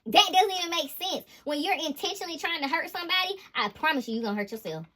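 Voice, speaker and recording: High, bright-voiced woman tarot reader. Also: quick pace. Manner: animated, emphatic and slangy, laughs often. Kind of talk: tarot reading monologue.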